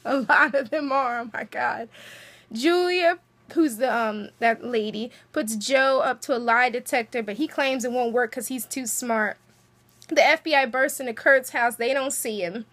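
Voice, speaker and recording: Brief: woman, high and bright voice, chatty show recapper, animated asides. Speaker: TV episode recapper. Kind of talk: casual episode recap.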